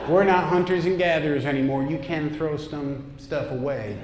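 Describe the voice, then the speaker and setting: Man, stand-up comic, brash and punchy, fairly high voice, roomy club with long reverb and background noise. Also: fairly quick, few pauses. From upstate New York. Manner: brash, punchy delivery with crowd asides. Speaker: stand-up comedian. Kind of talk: stand-up comedy set. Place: comedy club stage. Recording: echoey club room with noise. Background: audience laughter.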